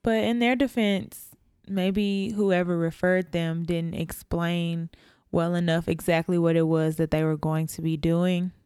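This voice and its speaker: A woman's voice: on the low side, little pitch movement, measured pace, darkish tone, smooth, no echo, clean studio sound. A sleepy woman co-hosting a casual podcast with her husband, easygoing and often laughing. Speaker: podcast co-host. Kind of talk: casual chat. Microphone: studio mic.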